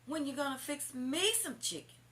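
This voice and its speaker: A woman's voice: animated, moderate pace, slight background noise. A woman mimicking a taunting boyfriend in a storytime vlog. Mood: teasing. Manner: taunting, high and loud. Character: smug mocking boyfriend, adult man.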